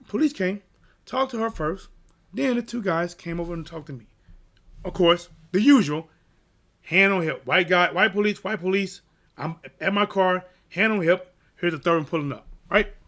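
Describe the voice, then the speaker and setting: Boxing channel guy telling his own story, high bright voice, keeps saying right?. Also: creaky. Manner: animated, emphatic retelling with repeated "right?". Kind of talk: casual storytelling rant.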